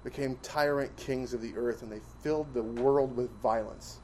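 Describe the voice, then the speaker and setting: A man preaching a sermon, emphatic and full of rhetorical questions, swinging between loud stresses and quiet asides. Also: medium pitch, fairly even intonation, moderate pace, slight background noise. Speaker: pastor.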